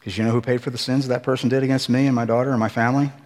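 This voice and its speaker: Middle-aged male ex-pastor, testimony sermon; emotional, swings loud to hushed; voice rings in a long hall reverb. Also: little pitch movement, rapid-fire. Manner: emotional, swinging between loud emphatic bursts and hushed low passages. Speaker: former pastor and missionary giving testimony.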